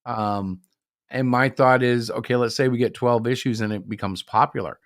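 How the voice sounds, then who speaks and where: A man's voice: mid-range voice, fairly even intonation, normal speed, dry recording, clean studio sound. A man co-hosting a livestream about comics, talking in a casual, rambling and opinionated way. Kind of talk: casual chat.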